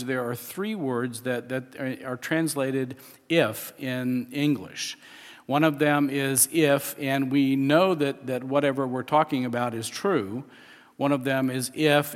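A man's voice: mid-range voice, long reverb tail. A man preaching a sermon in a conversational way, often restarting and chuckling as he explains scripture. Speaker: pastor.

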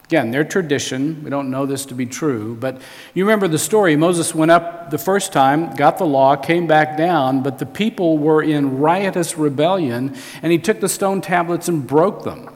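A man's voice: on the high side, moderate pace, hardly any pauses, big-room sound. A man preaching a sermon as a pastor, in a conversational way that often restarts and repeats words.

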